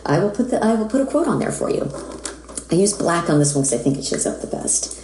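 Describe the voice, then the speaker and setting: Low, mellow American woman chatting casually while she signs, roomy sound. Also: big pitch swings, fast, background noise. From United States. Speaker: voice actress signing autographs. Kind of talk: casual live-stream chat.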